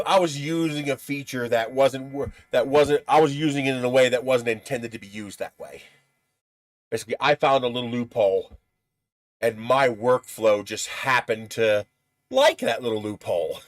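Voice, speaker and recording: A man's voice: medium pitch, lively intonation, normal speed, no echo. A man hosting a live stream in casual chat, blunt and profane, who laughs at his own stories.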